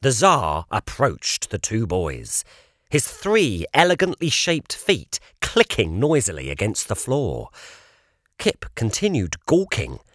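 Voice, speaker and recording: Slow and deliberate, a man narrates a children's audiobook, his pitch shifting considerably throughout. He tells the story in a measured, expressive manner, and the recording is dry and close with no room sound.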